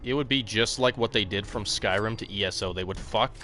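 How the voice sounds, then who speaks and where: A man's voice: on the low side, fairly quick, sharp tone, a little hiss or hum. A man hosting a casual let's play stream, rambling and swearing, with lots of fillers. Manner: rambling, profane, full of fillers. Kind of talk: casual gameplay chat.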